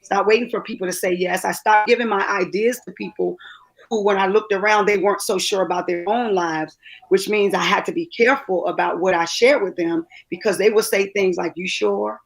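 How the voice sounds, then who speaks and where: A woman actress shares a personal testimonial as a guest. She talks in a halting way, full of fillers and restarts, and her voice is close to tears. Her pitch sits in the middle range. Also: steady tone. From DMV area, US. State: choked up, near tears. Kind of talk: emotional testimonial.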